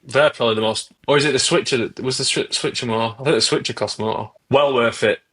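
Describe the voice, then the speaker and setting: A man's voice: mid-range voice, fast talker, fairly bright tone, husky. A man, a band member chatting casually on a podcast, laid-back and joking, often trailing off. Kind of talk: casual chat.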